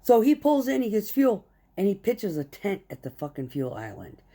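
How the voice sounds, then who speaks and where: A woman truck driver vents about a clash at work in a casual, profane storytelling rant. She talks in quick clipped phrases and sounds heated throughout, with a voice sitting at an ordinary pitch for her. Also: very animated, dark tone.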